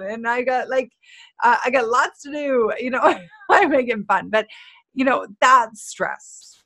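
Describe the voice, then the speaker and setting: A woman's voice: on the high side, unhurried. Woman doing a motivational talk, upbeat and playful, chatty. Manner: energetic, playful, conversational. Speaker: motivational speaker.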